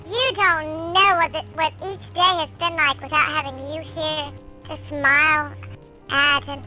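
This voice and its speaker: A man voicing a tiny, clingy companion girl in a tabletop game, with high squealing cries. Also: little pitch movement, a little slow, bright, forceful tone, soft background music, full character voice, poor audio. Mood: overjoyed.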